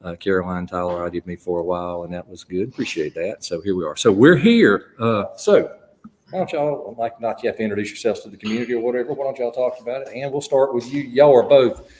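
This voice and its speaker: A man's voice: fairly low pitch, quick pace, darkish tone, slight background noise. A man with a Southern US accent hosting a live radio charity auction as auctioneer, folksy and full of fillers. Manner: folksy, filler-heavy, breaks into auctioneer patter. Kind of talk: live radio broadcast chat.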